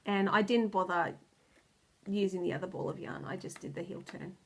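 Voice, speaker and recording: A woman's voice: mid-range voice, moderate pace. Tired, rambling woman. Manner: rambling, loses her words, laughs often. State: tired and stressed, close to tears. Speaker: knitting podcast host. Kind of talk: casual chat.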